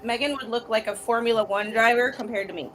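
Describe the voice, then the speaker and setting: A woman's voice: on the high side, fairly even intonation, fast, a bit bright. A woman with a Southern US accent chatting on a livestream call, self-deprecating and laughing at herself, from a mic across the room at home. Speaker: streamer guest. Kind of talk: casual chat on a livestream call. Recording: distant mic with faint noise.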